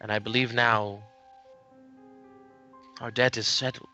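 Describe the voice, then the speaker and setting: A man playing a mysterious male stranger who speaks slowly and formally in a tabletop game. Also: on the low side, level tone, bright, forceful tone, muffled recording, faint music behind, heavily acted. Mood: calm.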